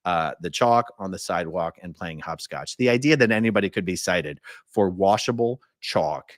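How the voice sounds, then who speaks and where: A man's voice: low voice, lively intonation, normal speed, no room sound, clean studio sound. An American man hosting a casual livestream, reading viewer comments aloud in an easygoing way. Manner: conversational, reads viewer comments aloud, many fillers. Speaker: livestream host filling in.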